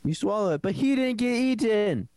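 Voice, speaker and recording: A man with an expressive, up-and-down voice banters over a video call. He teases, argues back and laughs often. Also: high voice, normal speed, no room sound. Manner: teasing, argues and laughs a lot. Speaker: co-host. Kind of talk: casual comedic chat.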